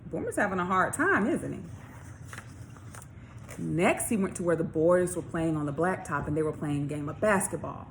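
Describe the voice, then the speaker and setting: A woman author reading her children's story aloud, expressive, with questions to young listeners. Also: lowish voice, moderate pace, gravelly, slight background noise. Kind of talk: storybook read-along for children.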